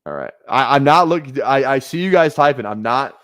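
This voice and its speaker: A man's voice: mid-range voice, expressive, brisk, few pauses, a bit bright, clean tone, no echo, clean studio sound. A man streaming a fantasy football draft, ranting heatedly at his chat with lots of swearing and repeated phrases. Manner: heated, profane, repeats himself. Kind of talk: ranting live stream commentary.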